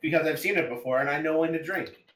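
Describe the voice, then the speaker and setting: A podcast host in casual chat who reads questions and cracks deadpan jokes. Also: medium pitch, quick pace. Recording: echoey room.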